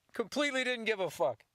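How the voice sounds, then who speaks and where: Middle-aged male host, high and lively, foul-mouthed storyteller. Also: dry recording, studio quality. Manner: profane, animated, puts on voices while telling stories. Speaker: podcast host. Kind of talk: casual comedic storytelling.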